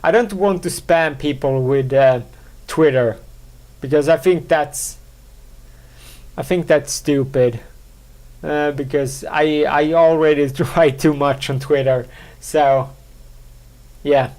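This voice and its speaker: A man hosting a solo podcast, talking in a rambling, halting way, full of fillers, restarts and self-mocking asides. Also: fairly high pitch, a little mellow. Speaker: podcast host.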